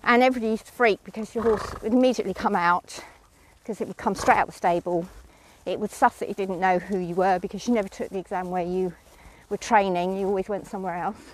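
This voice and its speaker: A woman's voice: medium pitch, fairly even intonation, fast talker, slight background noise. A middle-aged woman chatting casually outdoors with horses, breaking off to call commands to a horse she is lunging. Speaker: horse owner vlogger.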